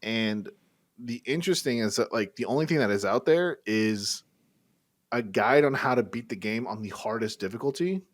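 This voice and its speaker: A man co-hosting a gaming podcast, chatting casually and excitedly with swearing and filler words. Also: medium pitch, normal speed. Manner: animated, swearing, "like" and "dude" fillers. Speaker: podcast co-host. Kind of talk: casual chat.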